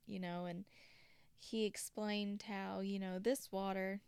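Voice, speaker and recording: Chatty woman with gravelly edge. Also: mid-range voice, slow, no echo. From Tennessee. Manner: chatty, animated storytelling with asides. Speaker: podcast host. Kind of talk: casual chat retelling a story.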